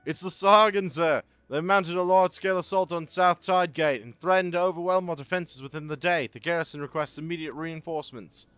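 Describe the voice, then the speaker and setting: A man voicing a male soldier rushing in with an urgent battle report, loud and pressing. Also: medium pitch, lively intonation, clear, resonant tone, no room sound, soft background music.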